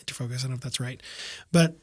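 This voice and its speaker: A man's voice: mid-range voice, steady tone, rapid-fire. A man co-hosting a podcast with his wife, chatting casually and rambling with many fillers and restarts. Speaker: podcast co-host.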